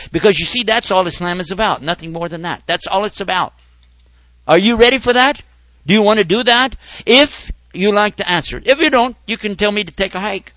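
A man lectures a gathered audience in an animated way, firing off rhetorical questions. His voice sits high and sounds bright. The recording is dry with no room echo. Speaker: Islamic lecturer. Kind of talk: public talk to an audience.

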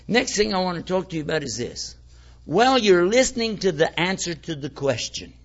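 A man's voice: sits high, vocal fry. A man giving an informal religious talk in a folksy, conversational way, asking his listeners rhetorical questions. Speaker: Islamic preacher. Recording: lo-fi dull recording.

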